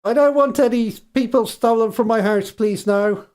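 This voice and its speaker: A man's voice: extremely high pitch, normal speed, darkish tone, smooth, voice pushed up. A man voicing a suspicious middle-aged woman householder in a tabletop game, wary and curt. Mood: hesitant. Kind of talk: tabletop game role-play.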